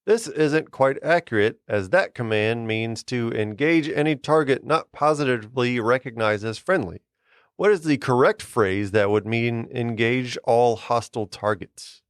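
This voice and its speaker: A man's voice: medium pitch, measured pace, clear, resonant tone, no echo, clean studio sound. A man guesting on a podcast in casual banter, eagerly reading out trivia questions.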